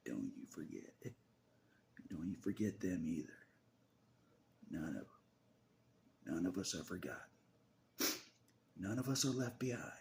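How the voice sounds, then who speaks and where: A man's voice: low-pitched, gravelly, darkish tone. A man talking to his viewers in a rambling personal monologue, laughing often and slipping into whispers.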